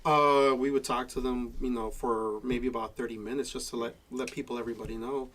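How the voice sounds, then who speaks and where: A man's voice: medium pitch, fairly quick, far from the mic, slight background noise. A man telling stories in a casual podcast chat, acting out what people said and laughing through the punchlines. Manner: animated, laughing storyteller who acts out quotes. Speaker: podcast guest, former radio mix show host.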